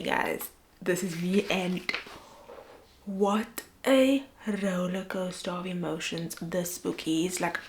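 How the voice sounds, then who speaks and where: A young woman chatting casually in a reading vlog, gushing and emotional, sliding at times into a hushed near-whisper. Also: mid-range voice, a little hiss or hum. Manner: chatty, lots of "like", upbeat. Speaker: book vlogger.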